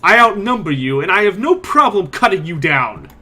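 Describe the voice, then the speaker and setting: A man puts on a scowling witch hunter captain for a tabletop game, voice pitched up and pushed loud. He is self-important and blustering, and he jabs out accusations and threats. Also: sing-song, normal speed, exaggerated voice. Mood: threatening.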